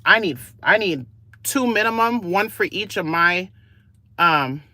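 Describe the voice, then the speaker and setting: A woman's voice: lowish voice, animated, a little slow, no echo. Gossipy woman vlogging from a laundromat. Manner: gossipy, nosy running commentary, often hushed. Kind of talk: casual live-stream commentary.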